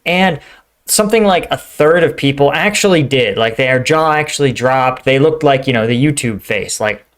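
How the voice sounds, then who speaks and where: A man's voice: medium pitch, lively intonation, moderate pace, fairly bright tone. Chatty man reacting to a video. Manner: conversational, says "right?" and "like" often, acts out quoted lines. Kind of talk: casual commentary reacting to a video.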